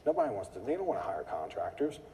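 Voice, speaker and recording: A man hosting a live meetup and talking casually to the group, who tells animated stories and acts out angry callers. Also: on the low side, quick pace, background noise. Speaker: meetup host. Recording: long hall reverb.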